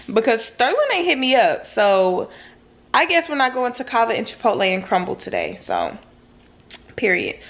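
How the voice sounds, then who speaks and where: A woman's voice: medium pitch, vocal fry, reverberant. A young woman chatting casually to her viewers in a home vlog, laid-back and talkative, filmed on a handheld camera indoors. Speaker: vlogger.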